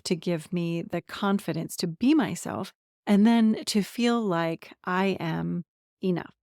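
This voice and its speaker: A woman's voice: fairly low pitch, gravelly, a little mellow, no room sound, clean studio sound. A woman in her forties from central Pennsylvania hosting her own podcast, talking candidly about herself and laughing often. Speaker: podcast host, somatic transformation coach. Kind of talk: personal solo podcast talk.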